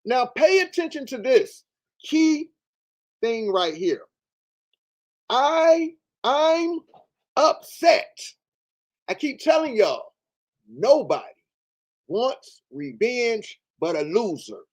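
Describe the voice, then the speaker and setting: Guy hosting his show, talks slow, lots of rhetorical questions, voice all over the place. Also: very high voice, big pitch swings, darkish tone. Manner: emphatic, repeats phrases, rhetorical questions. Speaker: show host. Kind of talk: commentary reading out texts.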